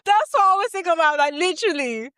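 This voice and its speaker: Chatty woman with a lively voice. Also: very high-pitched, fast, no room sound, clean studio sound. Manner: chatty, restarts often, laughs easily. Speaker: podcast co-host. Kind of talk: casual chat.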